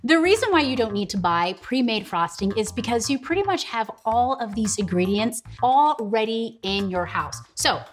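A woman with a slightly high voice hosts a casual cooking tutorial from her home kitchen. She chats directly to her viewers and laughs easily. Faint music plays underneath. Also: animated, moderate pace, few pauses. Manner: chatty, talks straight to viewers, laughs often. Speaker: host.

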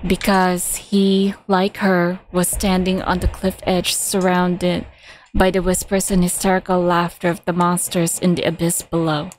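A woman reading a game's story aloud at a measured pace, now and then stumbling or adding casual asides. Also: on the low side, steady tone, darkish tone, a little hiss or hum, low-quality recording. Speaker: reader of game story.

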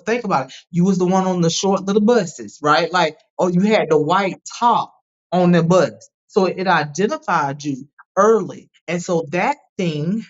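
A woman guest on a podcast, telling personal stories in an emphatic, animated way and often asking "right?" as she goes. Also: on the low side. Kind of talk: candid personal storytelling. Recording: dull lo-fi sound.

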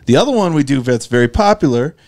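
A man's voice: mid-range voice, sing-song, fast talker, darkish tone. A man hosting a comedy podcast, chatty, steering the talk to the show's segments. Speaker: podcast host. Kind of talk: casual podcast banter.

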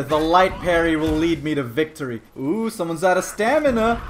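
A young man giving excitable gameplay commentary, trash-talking opponents and breaking into frequent shouts. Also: fairly high pitch, normal speed, slight background noise. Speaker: gaming video host.

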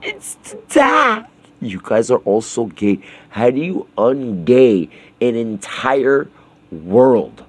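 A drowsy young man talks to his camera first thing in the morning, his voice husky and slow. He rambles from joke to joke with plenty of swearing, his pitch leaping around. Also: expressive, dark tone. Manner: crude, rambling, jokey, swearing often. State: just woken up, sleepy. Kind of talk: rambling morning vlog monologue.

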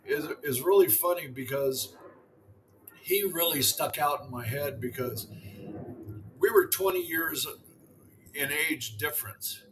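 Unhurried and pausing often, a former pitcher in his seventies tells rambling anecdotes as a guest in an interview, leaning on "you know." His voice is fairly high and fairly bright, with a little hiss or hum.

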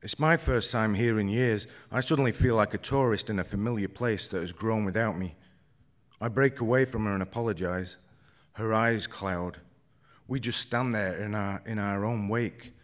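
A man reading his own first-person story aloud on stage at a live event, in a measured, understated way. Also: lowish voice.

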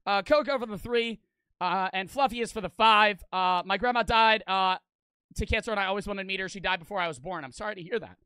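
A male streamer chatting casually and profanely with his viewers. His voice is high, bright and clear. The sound is dry and close, with no room echo. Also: fast. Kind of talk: livestream chat, reading donations.

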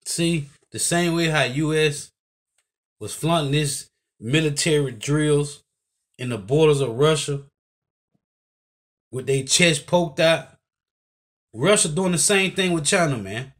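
Emphatic high-voiced man preaching. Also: slow pace, pauses often. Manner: emphatic, keeps adding "man" and "right?". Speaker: bible teacher. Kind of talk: preaching commentary.

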